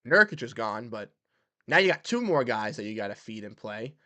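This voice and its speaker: A man hosting a sports livestream, ranting heatedly and swinging between loud outbursts and muttered exasperation. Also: on the low side, big pitch swings, moderate pace, no echo. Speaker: sports podcast host. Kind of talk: livestream rant.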